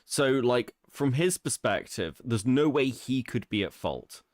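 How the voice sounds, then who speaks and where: A male co-host chatting on a commentary podcast, his pitch sitting mid-range but swinging widely as he mocks and swears. The sound is close and dry, with no room around it. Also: unhurried, dry recording. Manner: animated, mocking, swears freely. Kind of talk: casual commentary chat.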